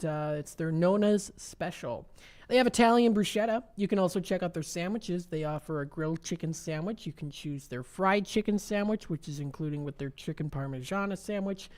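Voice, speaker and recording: A woman's voice: lowish voice, darkish tone. Chatty Midwestern woman radio host. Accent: Midwestern American. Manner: reads menu items aloud with frequent fillers. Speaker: radio shopping show host. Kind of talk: casual radio sales chat.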